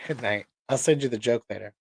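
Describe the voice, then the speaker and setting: A man's voice: medium pitch, quick pace, gravelly, darkish tone, slightly rough, no echo. A tired man hosting a show, chatting casually in a rambling way with many restarts. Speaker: host.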